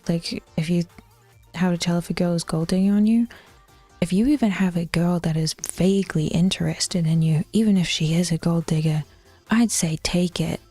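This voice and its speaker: Chatting with her viewers on Twitch, a woman with a New Zealand accent teases bluntly and drops into quiet whispered asides. She speaks in a fairly low pitch, and the audio has no echo.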